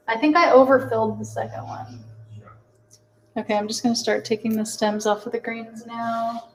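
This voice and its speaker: A woman's voice: fairly high pitch, a little mellow, low-quality recording. A woman hosting a casual cooking livestream, chatting with herself, laughing at her mistakes and answering viewers' comments. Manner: chatty, self-mocking, reads chat aloud and answers.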